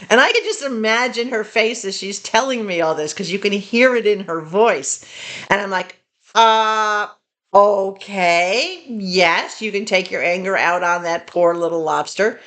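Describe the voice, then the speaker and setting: A woman's voice: mid-range voice, measured pace, fairly bright tone. Chatty woman telling stories. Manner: chatty storyteller, talks to her dog. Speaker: vlogger. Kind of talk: casual haul video chat.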